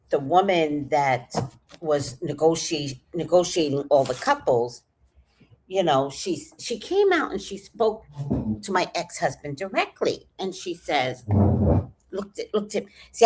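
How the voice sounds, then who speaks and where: A woman telling a personal story in a casual, animated way, acting out what people said. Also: low voice, a little slow, breathy edge. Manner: animated, acts out quoted voices.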